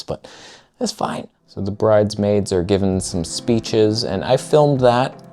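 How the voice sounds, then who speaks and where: Sarcastic low-voiced man narrating footage. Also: a little mellow. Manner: sarcastic, self-mocking, quick asides. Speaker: photographer vlogger. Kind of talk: casual narrated commentary over footage.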